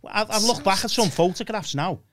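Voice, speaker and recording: A middle-aged man telling school stories in a casual chat, animated and laughing. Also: high-pitched, fairly quick, over a noisy crowd. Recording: background noise.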